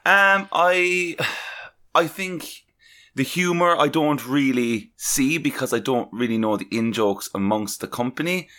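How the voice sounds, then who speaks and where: A man's voice: mid-range voice, unhurried, pushed and bright. A man co-hosting a casual podcast, telling a story in an incredulous tone and swearing freely. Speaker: podcast co-host.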